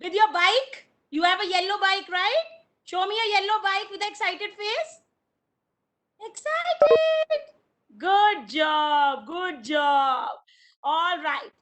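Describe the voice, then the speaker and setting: A woman teaching an online preschool class over a video call, with animated, sing-song praise for small children. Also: very high-pitched, moderate pace, a little hiss or hum.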